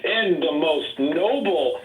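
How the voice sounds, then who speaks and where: A man with a fairly high voice gives a forceful, rambling campaign speech and keeps talking over anyone who interrupts. The audio is a roomy online call with a lot of echo. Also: expressive, takes it slowly, a loud crowd. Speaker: political candidate. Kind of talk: combative campaign speech in a group voice chat.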